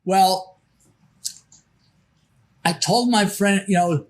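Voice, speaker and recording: A man's voice: sits high, very slow. A man in his sixties, a podcast guest, telling a long rambling story, restarting sentences and acting out the voices of the people he quotes. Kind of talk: casual storytelling.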